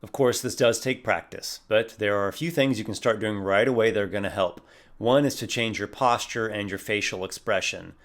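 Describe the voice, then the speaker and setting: Low-voiced man explaining role-play. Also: normal speed. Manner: friendly, encouraging, demonstrative. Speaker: YouTube creator teaching role-play. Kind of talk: tutorial talk to camera.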